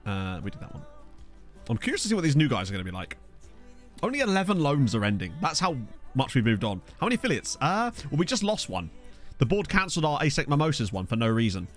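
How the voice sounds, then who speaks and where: A man's voice: medium pitch, wildly swooping pitch, fast talker, faint music behind. A young man casually commenting while streaming a football management game, thinking aloud and thanking viewers. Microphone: desk USB microphone.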